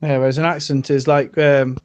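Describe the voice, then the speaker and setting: A man's voice: mid-range voice, little pitch movement, a little fast. A man from Britain chatting casually in a group call, rambling with many restarts and fillers. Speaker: co-host.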